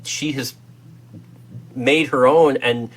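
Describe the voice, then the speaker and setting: A man's voice: medium pitch, steady tone, slow pace. A man with an American accent reviewing a film as co-host, enthusiastic and rambling with lots of fillers and restarts. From United States. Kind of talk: casual film review chat.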